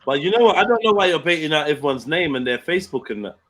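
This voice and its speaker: A man's voice: fairly high pitch, expressive, rapid-fire, fairly bright tone. A man joking and teasing in casual group banter on a live stream.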